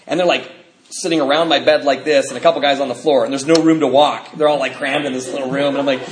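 A man sharing his recovery story with a meeting, lively, acting out what people said and laughing often. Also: medium pitch, quick pace. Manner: animated, acts out quoted dialogue, laughs often. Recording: echoey room, faint noise.

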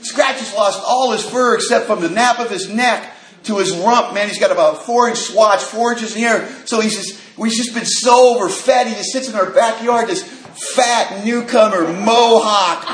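A man speaking to an audience at a recovery meeting, telling a personal story with lively acted-out dialogue. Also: high voice, normal speed. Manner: animated storyteller acting out quoted dialogue. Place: large meeting hall. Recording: echoey hall with faint noise.

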